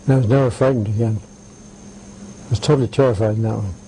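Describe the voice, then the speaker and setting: An older man being interviewed, telling anecdotes in a halting way with many "right"s and "uh"s. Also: lowish voice, steady tone, mellow, a little hiss or hum, poor audio. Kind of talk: conversational interview.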